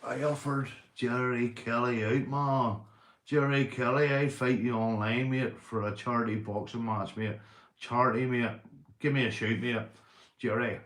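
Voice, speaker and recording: A man's voice: medium pitch, steady tone, normal speed, a bit bright. A Northern Irish man hosting a casual livestream, rambling and boisterous, a few beers in, calling everyone "mate". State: drinking beer. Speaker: livestream host. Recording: echoey room.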